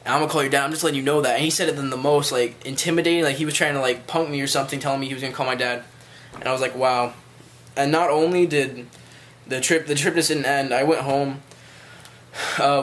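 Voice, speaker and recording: A man's voice: mid-range voice, a bit bright, a little hiss or hum. A man telling a rambling, casual story to his viewers, with loose phrasing and frequent swearing. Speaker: vlogger.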